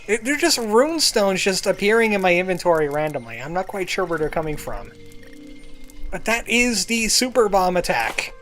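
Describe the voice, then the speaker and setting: A man's voice: high-pitched, very animated, normal speed, fairly bright tone. A man giving casual, self-deprecating gameplay commentary as a let's-play gamer. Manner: self-deprecating, chatty, jokey. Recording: game music playing underneath.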